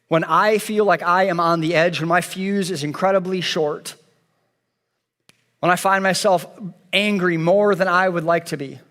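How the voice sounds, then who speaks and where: A man preaches a sermon from the church stage, his voice sitting fairly high. He speaks with an earnest, repetitive cadence. The sound carries a long reverb from the church hall. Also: fairly bright tone. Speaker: pastor. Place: church sanctuary.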